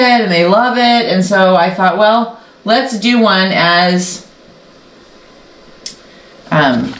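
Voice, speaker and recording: Here the quilting host's voice sits on the low side with a touch of brightness. She rambles casually as she sews, breaking off her sentences often, in an echoey space with faint background noise.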